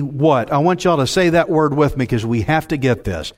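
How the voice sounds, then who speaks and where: A preacher delivers a sermon in a somewhat raised pitch. He swings dramatically in delivery and calls out to his congregation. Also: lively intonation, moderate pace, hardly any pauses, darkish tone. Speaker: pastor.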